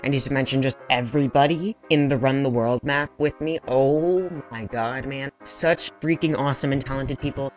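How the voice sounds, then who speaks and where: A man with a slight lisp from a retainer, answering fan questions in a casual, excitable way and laughing often. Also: medium pitch. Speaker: animation channel creator. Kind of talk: casual Q&A narration.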